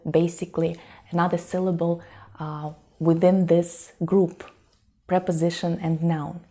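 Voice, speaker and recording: A woman whose first language is Russian gives an online language lesson. She speaks at an unhurried pace and spells out each example phrase with care. Her voice is soft and mellow. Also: mid-range voice. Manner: slow, deliberate explanations with careful example phrases.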